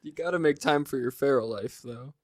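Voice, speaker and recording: A man's voice: medium pitch, brisk, no echo, studio quality. Blunt skeptical man, casual podcast banter. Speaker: podcast co-host. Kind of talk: casual chat.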